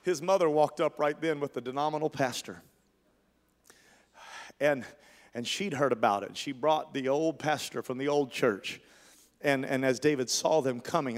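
A man preaching a sermon as a pastor, telling a story with passion and building to near shouts. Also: a little high, moderate pace, pauses often, big-room sound. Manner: impassioned, rising to near shouts.

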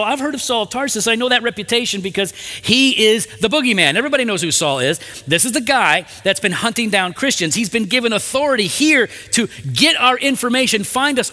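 A jittery male disciple talks his doubts out loud in a high, bright voice, as a preacher puts him on. He rambles and circles back on himself. The sound carries the long reverb of a large hall. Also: exaggerated voice. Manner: nervous, rambling, talking it out.

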